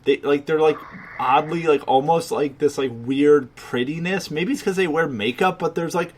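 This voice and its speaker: A man's voice: fairly high pitch, normal speed. A man co-hosting a podcast in casual chat, rambling and leaning heavily on filler words. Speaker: podcast co-host.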